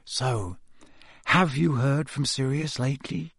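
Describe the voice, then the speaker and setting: A man reading an audiobook who voices a wry teenage boy muttering quietly. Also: on the high side, normal speed, dry recording, clean studio sound, natural voice. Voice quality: muttering, hushed.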